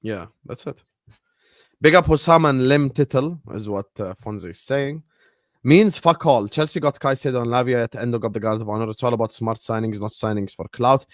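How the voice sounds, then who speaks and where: A man's voice: medium pitch, fairly quick, no echo, studio quality. A man hosting a football talk stream, teasing his co-host and reading out viewer comments, swearing freely.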